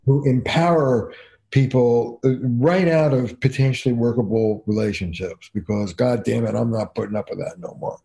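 Mellow-voiced man, emphatic storyteller. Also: mid-range voice, normal speed, gravelly. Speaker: couples therapist. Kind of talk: podcast interview guest, storytelling.

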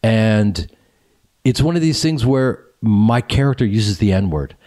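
A man hosting a casual podcast, telling stories in quick bursts with restarts. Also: lowish voice. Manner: animated storyteller, quick bursts with trailing restarts. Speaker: podcast host. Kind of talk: casual podcast chat and read ad.

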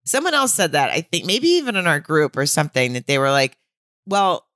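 Brief: woman podcast co-host, blunt and ranting, slightly low pitch. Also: sing-song, fast talker, a bit bright, no echo, studio quality. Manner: blunt, exasperated, swears freely. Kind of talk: casual chat.

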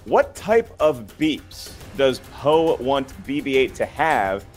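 A man's voice: medium pitch, sing-song, takes it slowly, faint music behind. Playful man hosting a trivia game. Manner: playful, jokey, counts down timers. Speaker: trivia quiz host. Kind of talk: game show hosting with banter.

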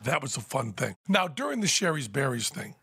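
A man telling a story in casual podcast chat, animated and breaking into high laughter. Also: a little fast, gravelly, breathy edge, no echo, clean studio sound. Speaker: podcast host. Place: Las Vegas.

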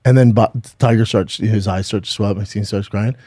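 A man's voice: fairly low pitch, steady tone, fairly quick, mellow, dry recording, studio quality. A middle-aged man co-hosting a podcast, telling stories in a rambling, profane, casual way with lots of restarts. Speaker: podcast co-host. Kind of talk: casual chat.

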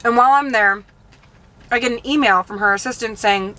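A woman's voice: fairly high pitch, fairly quick, pushed and bright, slight background noise. A young woman co-hosting a podcast, telling a story in casual chat and swearing freely while she eats. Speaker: podcast co-host.

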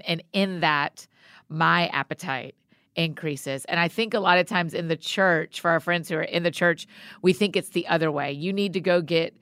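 A woman's voice: low voice, fairly bright tone, smooth, no echo, clean studio sound. A woman host in an interview, reflectively summing up what her guest has said. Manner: reflective, summarizes the guest's words. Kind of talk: interview conversation.

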